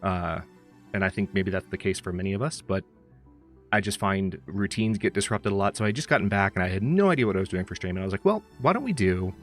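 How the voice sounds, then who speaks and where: Speaking fast in a deep voice, a man hosts a livestream, chatting loosely and calling out viewers by name. He's close on a studio microphone, with music faintly audible behind him.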